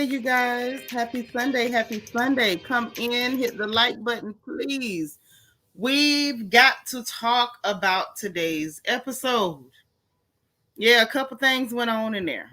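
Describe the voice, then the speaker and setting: A woman's voice: on the high side, a little slow, bright, forceful tone, faint music behind. A woman hosting a casual livestream, chatting in a folksy way and greeting viewers by name. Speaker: livestream host.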